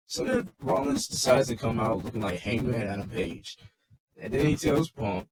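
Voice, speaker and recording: A man's voice: lowish voice, big pitch swings, normal speed, crowd noise, poor audio. A man casually recapping a wrestling show in a loose, rambling, swearing rant.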